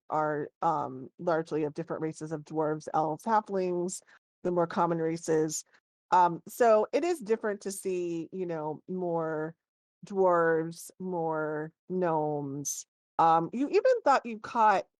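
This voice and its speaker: A woman's voice: on the low side, no room sound, studio quality. A woman running a tabletop game as dungeon master, thinking aloud as she describes the scene.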